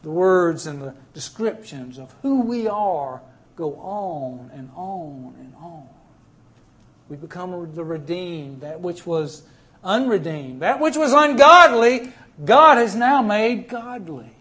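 A man preaching a sermon. He speaks emphatically, with sudden swings in loudness and repeated words. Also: high voice, animated, takes it slowly.

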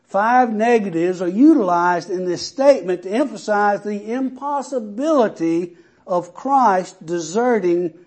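A man's voice: high-pitched, darkish tone. A man preaching a sermon, reading scripture aloud with rising and falling emphasis.

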